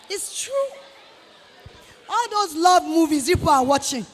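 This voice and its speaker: A Nigerian-accented woman with a high, bright voice lectures students with lively scolding energy, acting out the people she quotes. Her talk rings through a large hall with a long reverb tail. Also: a little slow, long pauses. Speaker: guest speaker to students. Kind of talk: motivational talk.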